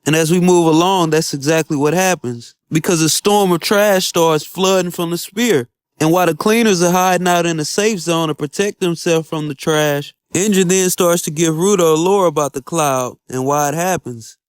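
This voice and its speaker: A man's voice: on the high side, normal speed, hardly any pauses, clean tone, no echo, studio quality. Upbeat slangy man recapping an anime. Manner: laid-back slangy storytelling, upbeat. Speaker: anime reviewer. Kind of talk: casual episode recap.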